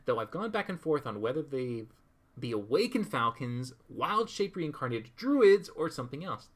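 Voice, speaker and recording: A man's voice: mid-range voice, sing-song, moderate pace. A young man from California chatting casually on a livestream, reading viewer comments aloud and riffing on them with laughs. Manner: chatty, reads chat aloud and riffs with laughs. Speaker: streamer drawing and reading chat.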